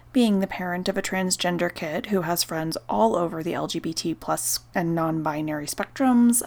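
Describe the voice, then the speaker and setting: A woman narrating a first-person story in a soft, partly whispered voice. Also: medium pitch, creaky.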